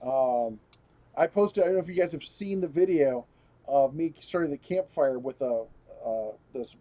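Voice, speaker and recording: Rambling male host, dark warm voice. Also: a little high, expressive, moderate pace. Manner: rambling, reads viewer comments aloud. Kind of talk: casual live-stream chat.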